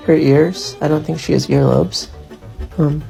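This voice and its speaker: A woman's voice: low-pitched, fairly even intonation, measured pace, vocal fry. A woman casually chatting to her pet cat in a playful, teasing baby-talk way. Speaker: cat owner. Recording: music playing behind the voice.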